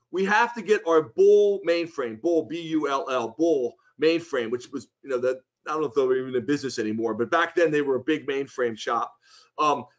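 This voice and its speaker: A middle-aged man telling a long anecdote in a conversation, acting out the quoted people as he goes. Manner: animated anecdote, voices the quoted people with rising pitch. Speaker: guest speaker. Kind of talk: storytelling in conversation.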